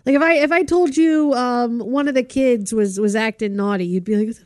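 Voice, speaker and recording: A woman's voice: on the high side, normal speed, a little mellow, no room sound. A woman co-hosting a podcast in casual, candid chat, laughing often, on a studio mic. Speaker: podcast co-host.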